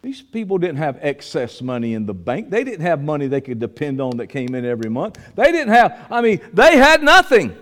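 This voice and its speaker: A man's voice: a little high, very animated, a little fast, hardly any pauses, fairly bright tone, long reverb tail. A man preaching a sermon with fervent emphasis, repeating phrases to drive points home. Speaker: pastor.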